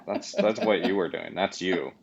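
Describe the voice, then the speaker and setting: A man with a low-set voice co-hosting a podcast in loose, joking banter. He rambles, cuts himself off and circles back. The sound is a little dull and lo-fi. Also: lively intonation, normal speed. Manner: rambling, jokey, self-interrupting. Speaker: podcast co-host.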